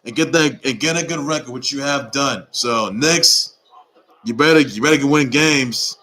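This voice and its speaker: A man's voice: medium pitch, moderate pace, sharp tone, rough recording. A man hosting his own sports report, talking casually and rambling, repeating himself and urging teams on with emphatic exhortations. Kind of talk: casual sports news commentary.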